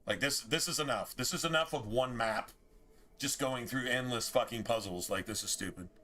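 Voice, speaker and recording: A man's voice: medium pitch, normal speed, sharp tone. A man streaming a game, rambling casually with a lot of swearing and exasperation. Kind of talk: casual gameplay commentary.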